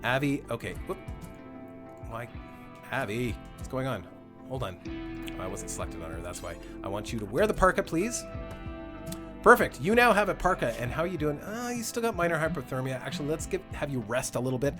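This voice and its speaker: A man's voice: medium pitch, sing-song, a little fast, music in the background. A young man giving live commentary on a colony-building game, gleeful and darkly joking, laughing often. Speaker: gaming livestreamer.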